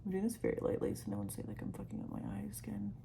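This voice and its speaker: A young woman talks her way through a makeup tutorial, loose and chatty, stringing thoughts together with plenty of "like" and casual swearing. Her voice has a strong creaky fry, and now and then she sinks into a soft near-whisper. A faint hiss sits under the recording. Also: medium pitch, sing-song, fast. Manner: rambling, filler-heavy, frequent "like", swears casually. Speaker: vlogger.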